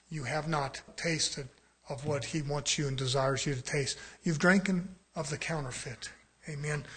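High-voiced fervent preacher. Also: male voice, husky. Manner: fervent, rising to loud emphatic preaching; folksy, rhetorical questions to the congregation. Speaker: pastor. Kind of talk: sermon.

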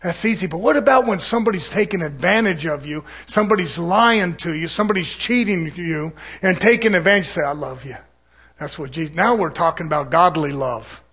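A high-pitched man preaches to his congregation in a folksy, joking way. He drops into soft, laughing asides, then climbs into loud, fervent exhortation. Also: a little fast, husky. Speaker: pastor. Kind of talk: folksy sermon.

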